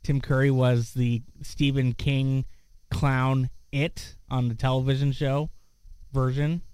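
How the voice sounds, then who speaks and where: A man hosting a casual chat show, talking in a relaxed way with many fillers and restarts. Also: medium pitch, slow pace, clear, resonant tone, no room sound.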